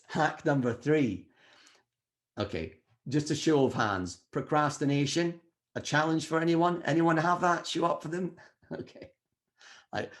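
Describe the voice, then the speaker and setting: A middle-aged man giving an energetic motivational talk at a wellbeing summit, acting out quoted inner voices. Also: mid-range voice.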